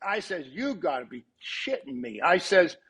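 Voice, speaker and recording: A man's voice: high voice, moderate pace, a little hiss or hum. An older man, a retired coach and podcast guest, tells long anecdotes in a casual way and acts out the dialogue he quotes. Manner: animated storyteller who acts out quoted dialogue.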